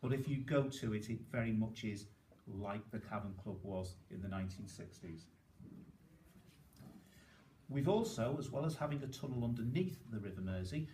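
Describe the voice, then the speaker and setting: A man's voice: lowish voice, expressive, mellow, distant mic, a little hiss or hum. Chatty Liverpool man in an echoey room. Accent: Liverpool (Scouse). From Liverpool, England. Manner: chatty, explains slowly and checks in with "okay?". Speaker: speaker giving a talk. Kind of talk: informal talk to learners.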